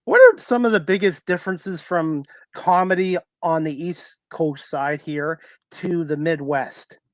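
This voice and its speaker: A man's voice: on the high side, animated, unhurried, no echo. Male talk show host, dry close sound, friendly, easygoing, rambling questions. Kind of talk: live-streamed interview.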